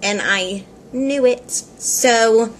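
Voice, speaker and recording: A woman with a slightly high voice vlogs very slowly over slight background noise, telling a story in a chatty, rambling way. She laughs often and fills her speech with "like."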